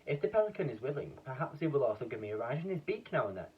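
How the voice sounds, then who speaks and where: A man voicing a grand, excitable old duke in a children's story, pompous and booming. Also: rapid-fire, slightly rough, phone-quality sound.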